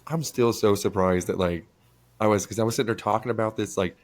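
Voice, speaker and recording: A man co-hosting a podcast, chatting crudely and telling animated stories. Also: on the low side, fairly quick, no echo. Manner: crude, animated storyteller, acts out quoted voices. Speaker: podcast co-host. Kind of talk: casual podcast chat. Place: small studio room.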